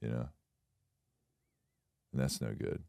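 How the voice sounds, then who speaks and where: A man co-hosting a comedy podcast, chatting casually with a deadpan, ironic delivery. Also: rumbling low, takes it slowly, gravelly, clear, resonant tone, dry recording, clean studio sound. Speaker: podcast co-host.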